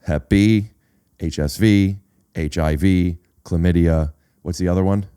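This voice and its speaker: A man's voice: deep voice, unhurried, dark tone, clear, resonant tone. A man hosting a podcast, telling a personal story in casual chat, often stopping to repeat words and say uh. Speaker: podcast host.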